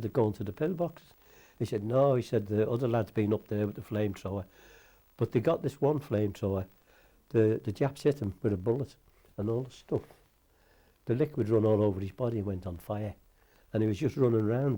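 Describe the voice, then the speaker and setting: A man's voice: lowish voice, mellow. An older man, a war veteran, telling long stories in an interview with a rambling, salty way of talking. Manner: rambling anecdotal, salty, mild swearing. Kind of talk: casual storytelling interview.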